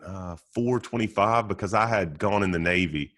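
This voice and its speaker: A man's voice: low-pitched, normal speed, fairly bright tone. An older man, an attorney co-hosting a podcast, telling rambling stories bluntly and laughing often in casual conversation.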